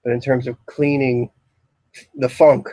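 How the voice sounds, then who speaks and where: A man's voice: mid-range voice, flat delivery, measured pace, mellow, no room sound, poor audio. Rambling man. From Philadelphia area, US. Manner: rambling, descriptive, many ums. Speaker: incense store lecturer. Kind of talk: casual product talk. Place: shop, indoors.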